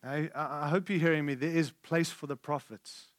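A man preaching a conference sermon, emphatic and candid, shifting between loud declarations and hushed lines. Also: a little high, fairly even intonation, moderate pace, no room sound, studio quality. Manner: candid and conversational.

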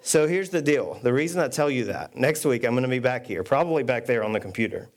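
A man preaching a sermon, telling stories with self-deprecating humor and reading scripture aloud at a quick clip. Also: medium pitch, lively intonation. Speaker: pastor. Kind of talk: conversational sermon.

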